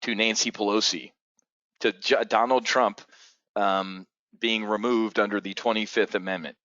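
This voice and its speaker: A man's voice: lowish voice, steady tone, normal speed, bright, forceful tone, dry recording, lo-fi sound. Blunt, profane man ranting. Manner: blunt, profane, agitated rants with many restarts. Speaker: trading show host. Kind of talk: unscripted market commentary.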